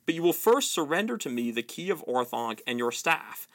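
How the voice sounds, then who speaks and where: A man voicing a stern, commanding old male wizard who speaks slowly and deliberately, read aloud from a book. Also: on the high side, big pitch swings, a bit bright.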